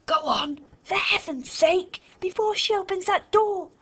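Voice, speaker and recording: A woman's voice: very high-pitched, measured pace, a bit bright, slight background noise, voice pushed up. A woman doing an anxious sensible schoolgirl. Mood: pressing.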